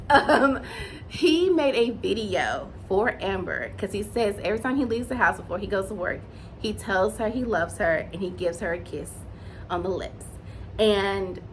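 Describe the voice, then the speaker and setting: A young woman casually reviewing a reality show, chatty and gushing, breaking into high squeals when excited. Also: slight background noise, rough recording.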